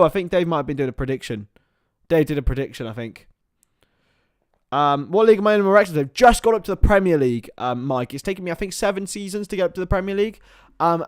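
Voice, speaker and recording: A man's voice: sits high, clean tone, dry recording, studio quality. A young man hosting a live watchalong, calling the match play by play and chatting with viewers. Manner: excitable play-by-play, drops to mumbled asides with fillers. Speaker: watchalong host and commentator. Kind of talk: live match commentary with chat.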